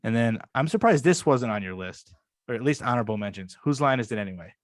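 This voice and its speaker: A man co-hosting a casual podcast, rambling with profane enthusiasm as he retells favorite moments. His voice sits at an ordinary middle pitch, and the close mic leaves it dry and free of room sound. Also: lively intonation, quick pace, no echo. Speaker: podcast co-host. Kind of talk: casual chat.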